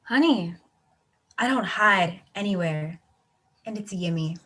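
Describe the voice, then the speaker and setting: A woman playing a sharp, sarcastic female online commenter who is blunt and cutting, in a student theatre production. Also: medium pitch, lively intonation, takes it slowly, breathy edge, exaggerated voice.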